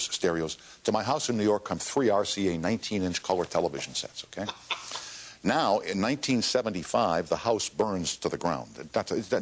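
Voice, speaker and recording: An older man hosting a late-night talk show, telling stories with a booming laugh. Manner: gravelly, laughs big and loud. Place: television studio.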